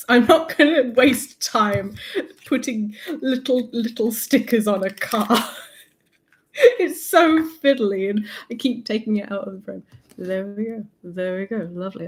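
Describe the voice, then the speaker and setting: A young woman, the host, chatting playfully and softly as she tastes sweets on a livestream at home. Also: medium pitch. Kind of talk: live-stream food tasting chat.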